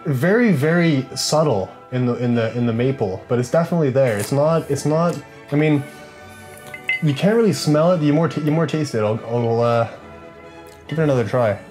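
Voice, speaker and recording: A man's voice: medium pitch, moderate pace, darkish tone, soft background music. A man co-hosting a comedic whisky review, playful and enthusiastic, often repeating himself. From Canada. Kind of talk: comedic banter.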